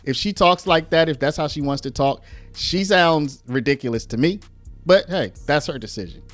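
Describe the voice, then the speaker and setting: A man's voice: on the high side, moderate pace, dry recording, faint music behind. A man hosting a casual commentary video, talking to viewers and acting out quoted speech in a raised voice. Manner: lively, conversational, uses "y'all", acts out quotes in raised voice.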